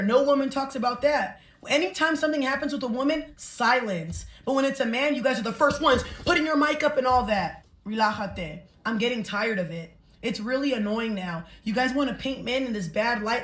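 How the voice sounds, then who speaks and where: Impassioned woman ranting in a roomy room. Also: a little high. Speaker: social media commenter. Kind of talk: emotional monologue. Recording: roomy echo.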